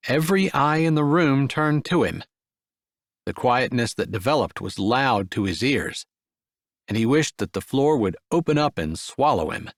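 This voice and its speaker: A man narrating a sweet romance audiobook in a measured storytelling manner. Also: medium pitch, big pitch swings, no room sound, clean studio sound. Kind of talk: scripted narration.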